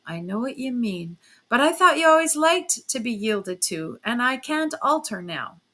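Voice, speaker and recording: Brief: woman reader as a gentle, plaintive young wife, bright and higher-pitched. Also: sing-song, unhurried, heavily acted. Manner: soft, hesitant, plaintive. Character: timid, gentle young wife, sad and yielding.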